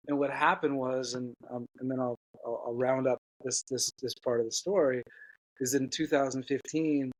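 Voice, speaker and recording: A man telling an earnest personal story as a guest, halting, with many restarts and fillers. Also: mid-range voice, no room sound, poor audio.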